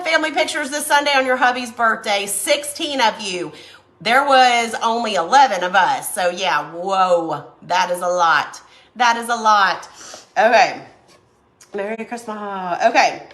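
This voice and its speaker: A woman's voice: medium pitch, fairly bright tone, echoey room. A woman who has a cold, chatting casually and laughing as she crafts and answers viewer comments. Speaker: craft livestream host. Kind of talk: casual chat while crafting.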